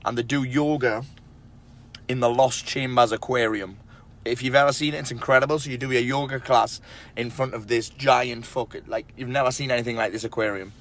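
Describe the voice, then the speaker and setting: Talking straight into the camera, this man gives other men tough-love advice, blunt, emphatic, and full of swearing. His mid-range voice is fairly quick, a bit bright, and fairly even in intonation, delivering a casual motivational monologue as a self-help speaker.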